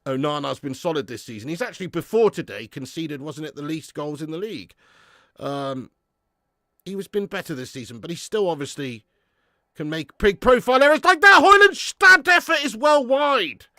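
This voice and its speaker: Sweary excitable football fan host. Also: male voice, a little high, moderate pace, no room sound, studio quality. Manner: sweary, excitable, reads out viewer comments. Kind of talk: live football watch-along commentary.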